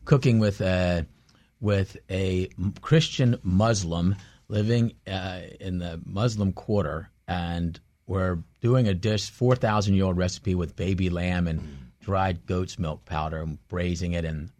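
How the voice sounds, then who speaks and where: A man's voice: low-pitched, slow, a little mellow. A man, a chef and guest, speaking earnestly and enthusiastically about cooking.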